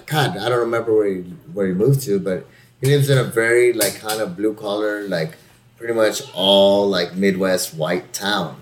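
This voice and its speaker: A middle-aged man in casual chat as a podcast co-host, talking loosely and profanely, peppering his speech with "like" and quick laughs. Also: fairly low pitch, a little hiss or hum.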